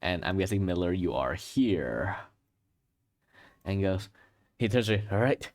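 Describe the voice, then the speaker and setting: A man running a tabletop horror game as game master, narrating and thinking aloud at an unhurried pace. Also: deep voice, animated, a little mellow.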